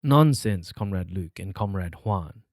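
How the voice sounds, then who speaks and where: A man's voice: sits low, unhurried, no room sound, clean studio sound. A man reading a composed teenage girl who speaks evenly and firmly, in an audiobook. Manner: even, firm.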